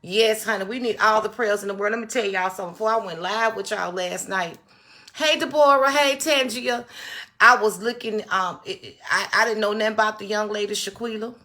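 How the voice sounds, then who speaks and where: A woman's voice: medium pitch, a little fast, pushed and bright. A woman hosting a casual livestream, talking straight to her viewers, greeting them by name and repeating key phrases for emphasis. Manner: addresses viewers directly, greets chatters by name. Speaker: livestream host. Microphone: phone or small setup on a stand.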